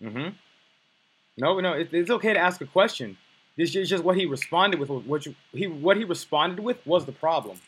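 A man's voice: a little high, animated, normal speed, a bit bright, husky, low-quality recording. A man coaching on dating, teaching in a blunt, profane, emphatic way. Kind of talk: coaching lesson.

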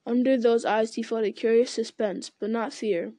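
A woman reading a novel aloud in a steady, unhurried storytelling manner. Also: a little high, no echo. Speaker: reader.

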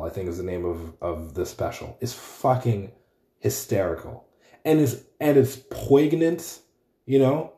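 A man's voice: medium pitch, mellow. Rambling, profane young man. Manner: rambling, profane, self-correcting. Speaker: podcast host. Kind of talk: casual solo monologue. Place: room at home. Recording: roomy echoey room.

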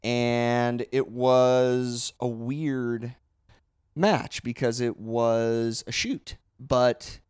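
A man's voice: medium pitch, fairly even intonation, drawn-out words, a little mellow, clean tone, no echo, clean studio sound. A man co-hosting a casual podcast, explaining history in a rambling way with many fillers and restarts. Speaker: podcast co-host. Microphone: close podcast mic.

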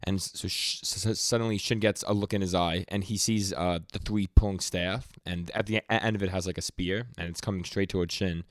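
Low-voiced man recapping manga, dry mic. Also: steady tone, dry recording. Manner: retells scenes in quick quoted lines, many stammers. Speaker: podcast co-host. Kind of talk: casual manga recap chat.

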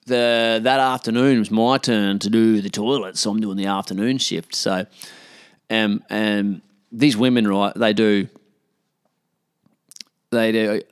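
A man's voice: lowish voice, fairly even intonation, a little slow, pauses often, smooth, no echo, clean studio sound. An Australian man telling a casual anecdote in a blunt, profane, rambling way. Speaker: storyteller.

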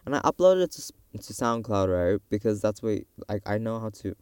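A young man hosting a casual solo podcast, rambling and mocking himself with sudden loud outbursts, recorded on a tablet. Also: on the low side, expressive, a little fast, clean tone, dry recording, clean studio sound. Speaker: podcast host. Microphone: tablet recording app.

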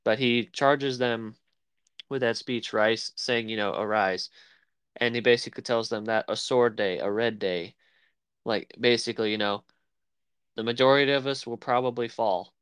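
A man's voice: mid-range voice, fairly even intonation, moderate pace, a bit bright, smooth, dry recording. A man co-hosting a casual film podcast, rambling and searching for words as he talks. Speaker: podcast co-host. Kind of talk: casual chat about film.

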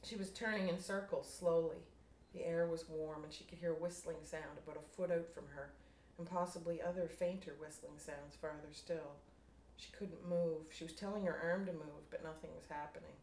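Woman, low-pitched, reading own fiction, distant mic, faint noise. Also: steady tone, normal speed, few pauses, a little mellow, roomy sound. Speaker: writer reading her story. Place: room at a writers' group meeting.

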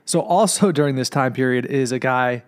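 A man's voice: mid-range voice, moderate pace, smooth. A young man hosting a podcast, telling a rambling story with lots of swearing and filler words. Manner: rambling, profane, fillers like "you know what I mean". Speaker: podcast host. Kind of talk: casual storytelling monologue.

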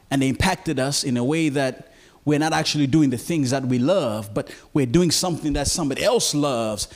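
A man preaching a sermon to a congregation, his voice dropping low and quiet, then rising high and loud, with stammered repeats.

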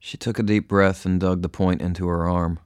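A man reading a first-person story aloud in an even, measured way, recorded close to the mic. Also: low-pitched, smooth, dry recording. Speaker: audiobook narrator. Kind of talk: scripted first-person narration.

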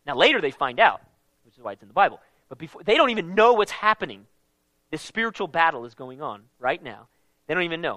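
A man preaching a casual Bible-teaching sermon in an animated, conversational way, with slang mixed in. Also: high-pitched, no room sound.

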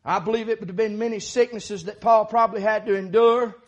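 Fervent preacher, high and shouting. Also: male voice, fairly even intonation, a little fast, dull audio. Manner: fervent preaching that swings from quiet talk to shouting. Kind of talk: sermon.

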